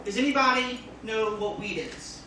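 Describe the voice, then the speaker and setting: A man performing a casual stand-up comedy set, talking loosely with many fillers and sudden loud jumps, recorded from far off on a phone in a comedy club. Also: sits high, expressive, normal speed, heavy reverb, heavy background noise. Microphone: phone filming from the audience.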